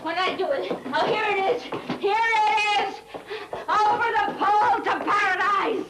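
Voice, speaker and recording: An actress playing a drunk, lonely, bitter wife who slurs and breaks into tearful shouting. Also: female voice, very high-pitched, normal speed, very noisy. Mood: defiant. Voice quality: slurred, tearful, shouting outbursts.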